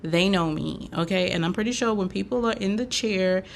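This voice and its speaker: A woman from Haiti with a mid-range voice and some vocal fry talks at a normal speed on her casual chat show. She's a podcast host and braider whose delivery is chatty, loose and full of fillers. A little hiss or hum comes through.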